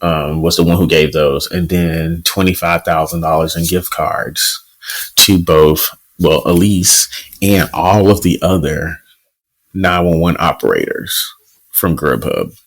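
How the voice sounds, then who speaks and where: A man co-hosting a podcast, telling a news story in relaxed casual chat with plenty of fillers. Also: low-pitched, a little slow, rough recording. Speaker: podcast co-host.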